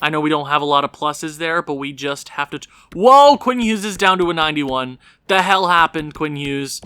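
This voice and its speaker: A man commentating his own hockey video game session, swinging into frustrated yelling at his goalie. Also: fairly high pitch, expressive, normal speed, clear, resonant tone, dry recording. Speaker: gaming YouTuber.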